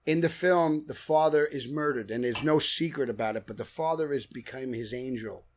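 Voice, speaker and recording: An energetic man from Brooklyn, a podcast guest telling stories in casual chat. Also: mid-range voice, moderate pace, slight background noise. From Brooklyn, New York. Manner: energetic, animated storytelling. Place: podcast studio.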